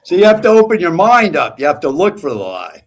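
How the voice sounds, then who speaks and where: A man's voice: high-pitched, sing-song, fairly quick. A man calling into a casual chat, blunt and scornful, ranting and swearing.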